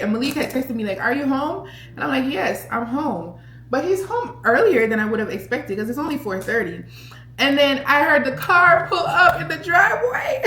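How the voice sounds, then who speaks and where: Woman, casual storytime vlogger; expressive, laughs easily, slightly high voice, echoey sound with music underneath. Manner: animated, expressive storyteller who laughs often. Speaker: vlogger mom. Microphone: handheld camera.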